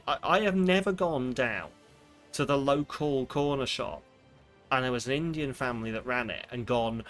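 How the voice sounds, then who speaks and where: A young man chats on a live stream, sarcastic and ranting as he tells a story. His voice sits at an ordinary middle pitch. Game music plays clearly underneath him. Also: normal speed, fairly bright tone. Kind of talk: casual live-stream chat.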